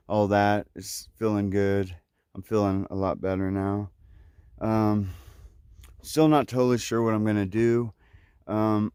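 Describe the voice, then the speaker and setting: A man's voice: on the low side, a little mellow, clear, resonant tone, dry recording, clean studio sound. A man talking casually to viewers while hiking outdoors on a mountain, chatty with many ums, at times out of breath. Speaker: trail vlogger.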